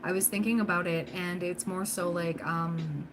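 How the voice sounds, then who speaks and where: A woman's voice: fairly low pitch, fairly even intonation, moderate pace, slight background noise, poor audio. A woman hosting a tarot reading livestream, talking casually and encouragingly to her viewers with lots of fillers. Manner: chatty, encouraging, frequent laughs and fillers. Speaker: tarot reader livestream host.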